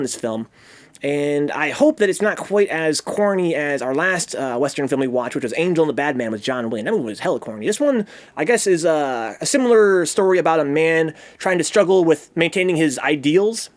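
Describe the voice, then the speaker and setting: A young man hosting a casual stream, excitable and jokey, swearing freely as he chats to viewers at his computer. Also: on the high side. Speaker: streamer hosting a movie-watching show. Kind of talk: casual livestream chat.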